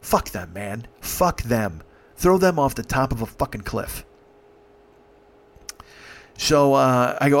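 A man's voice: mid-range voice, lively intonation, a little slow, long pauses. Exasperated man telling a profane story. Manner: exasperated, heavy swearing. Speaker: comedic storyteller.

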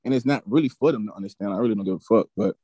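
A young man casually telling a story as a podcast guest, animated and full of profanity. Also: lowish voice, rapid-fire, breathy edge, dry recording.

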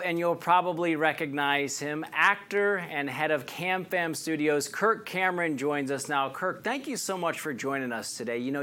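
A man's voice: on the high side, sharp tone. A man hosting an interview show, introducing a guest and asking questions with emphatic, indignant delivery. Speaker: show host.

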